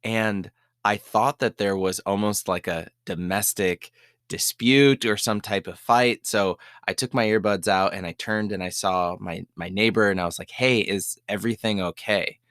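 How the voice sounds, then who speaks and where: A young adult man casually telling a funny personal story, acting out what was said with sudden jumps to a higher voice. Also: normal speed, no echo, studio quality. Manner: animated storyteller, acts out quoted lines in a higher voice. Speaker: podcast host.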